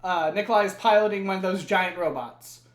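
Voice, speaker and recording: Over a noisy crowd, a young man with a high-pitched voice talks briskly about video game lore. It's casual, rambling chat, profane and heavy with fillers.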